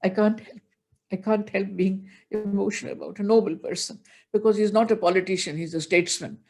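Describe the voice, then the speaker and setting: A woman's voice: mid-range voice, fairly even intonation, fairly quick, a little mellow, soft background music. An older woman delivering a religious discourse, telling stories with emotional emphasis and chanting verses. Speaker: spiritual teacher.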